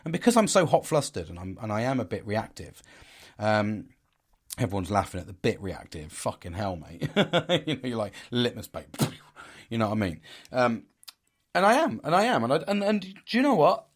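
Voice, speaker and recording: A man's voice: on the low side, big pitch swings, normal speed. A middle-aged man, hosting a casual podcast chat, rambling and restarting his sentences, swearing freely and laughing at himself. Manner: candid, blunt and laughing at himself. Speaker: podcast host.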